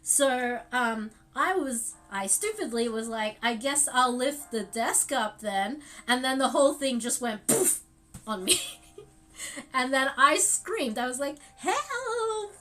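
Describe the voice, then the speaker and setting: A woman's voice: high voice, expressive, measured pace, pushed and bright. A young woman streamer telling a story in casual live chat, rambling with lots of fillers and bursts of laughter.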